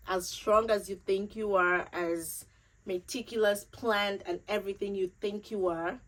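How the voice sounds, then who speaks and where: Young woman vlogger, grieving, earnest storyteller, repeats herself for emphasis, medium pitch. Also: a bit bright, rough recording. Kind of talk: personal storytelling to camera.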